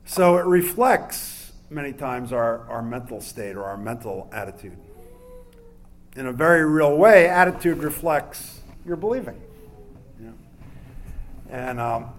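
A man's voice: medium pitch, animated, unhurried. A man from New York preaching a sermon to a congregation in a conversational way, with many fillers and asides. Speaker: pastor.

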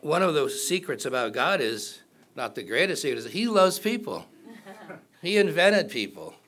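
A man's voice: a little high, sing-song, normal speed, a bit bright. Man preaching a joking, conversational sermon. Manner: conversational preaching with questions to the congregation and jokes. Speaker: pastor.

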